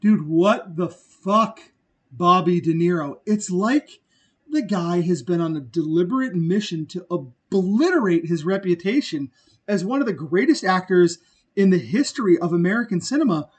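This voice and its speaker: High-voiced, blunt male podcast co-host. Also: expressive, moderate pace, breathy edge. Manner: blunt, profane, enthusiastic. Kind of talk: casual movie-review chat.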